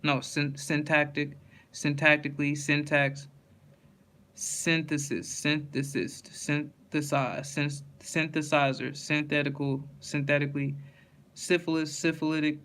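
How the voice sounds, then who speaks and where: A man works through a list of words aloud, one after another, in a slightly higher voice that barely moves in pitch. He goes slowly, and his tone stays smooth and clear. He trips over a word now and then and starts it again. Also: completely flat delivery, fairly bright tone. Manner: reads words one by one, with frequent slips and restarts.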